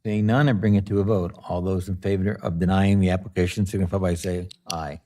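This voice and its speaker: Low-voiced man chairing a meeting. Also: fairly quick. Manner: procedural, relaxed and friendly. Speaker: board chairman. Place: public meeting room.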